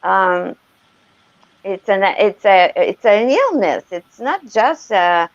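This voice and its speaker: A woman's voice: medium pitch, big pitch swings, slow pace, no room sound, muffled recording. A woman, calling in to a casual chat, hesitant and often searching for words. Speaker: caller.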